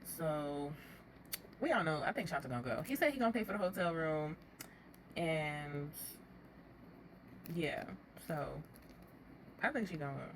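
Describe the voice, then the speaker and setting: A woman's voice: low-pitched, expressive, a little hiss or hum. A woman recapping a reality show in a casual, gossipy way, chatty and full of slang. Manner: fast, chatty retelling with laughs and slang.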